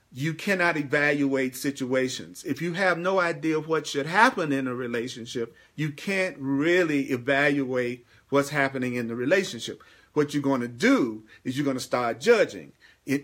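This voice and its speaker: A man teaching a spiritual class on a livestream, emphatic and slow when he repeats key lines. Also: fairly high pitch, a bit bright. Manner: bursts into exuberant whoops and playful sounds. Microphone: webcam or phone livestream.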